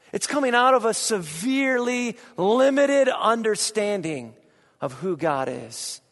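Pastor, male, thirties, high voice, unhurried delivery with shouted peaks, long hall echo. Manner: animated preacher, bursts into shouts. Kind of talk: sermon.

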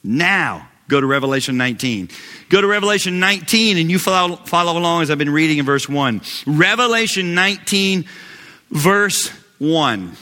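A pastor preaching a sermon with big swings in volume, from loud calls down to near-whispers, and a slow, emphatic delivery. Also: male voice, on the high side, expressive. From Knoxville, Tennessee. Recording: long hall reverb.

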